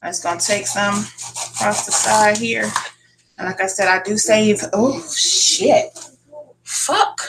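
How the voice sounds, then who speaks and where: A woman's voice: medium pitch, flat delivery, moderate pace, noisy background. A woman hosting her own cooking vlog from her kitchen, chatting casually to viewers, swearing freely and calling them y'all. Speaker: cooking channel host. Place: home kitchen.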